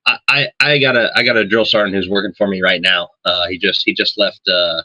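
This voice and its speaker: A man's voice: low-pitched, fairly even intonation, brisk, bright, forceful tone, lo-fi sound. A man in casual podcast chat, sarcastic and swearing. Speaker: podcast guest.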